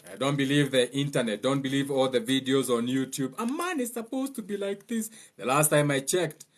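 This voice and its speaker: A young Kenyan man giving a mocking, joking monologue, laughing at his own lines and slipping into high mimicking voices. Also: animated, a little fast. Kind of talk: humorous monologue.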